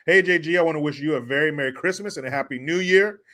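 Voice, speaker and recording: Middle-aged male host with a slightly high voice, profane and sarcastic, reading out viewer messages. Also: quick pace, sharp tone. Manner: angry, sarcastic, swearing. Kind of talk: profane ranting commentary.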